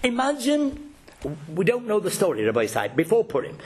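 A religious teacher gives an informal talk to a gathering in a high, darkish, slightly rough voice whose pitch swoops wildly, at normal speed. He tells his lesson emphatically as a story, often stumbling over repeated words and restarting before pushing on.

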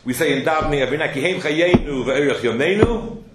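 A man's voice: a little high, fairly quick. Man lecturing on Torah in an echoey room. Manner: animated storyteller, asks "hello?" to prod listeners. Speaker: rabbi teaching a Torah class. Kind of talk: Torah lecture mixing English with Hebrew and Yiddish terms. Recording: echoey room with faint noise.

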